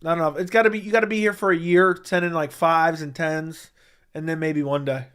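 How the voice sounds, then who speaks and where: A man's voice: fairly high pitch, steady tone, a little fast, fairly bright tone, clean tone. A young man hosting a livestream, reading chat and answering in a blunt, profane, dismissive way.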